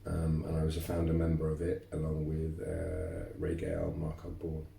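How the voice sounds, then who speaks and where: A man, telling lively stories as a martial arts instructor guest, repeating words as he goes. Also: rumbling low, moderate pace, creaky, distant mic, slight background noise. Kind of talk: casual interview storytelling. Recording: roomy echo, voice off-mic.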